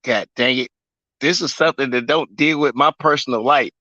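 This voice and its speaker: A fuming man in his forties rants about his team on a sports livestream, swearing with heavy emphasis. His voice is bright and forceful. The sound is dry and somewhat muffled. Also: medium pitch, fairly quick, dry recording. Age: 40s. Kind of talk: ranting sports livestream chat.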